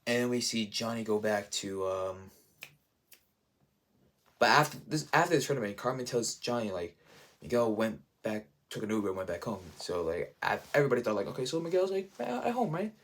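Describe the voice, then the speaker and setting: A man's voice: on the low side, normal speed, a bit bright. A man giving a casual spoiler review, enthusiastic and rambling, full of fillers. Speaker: show reviewer.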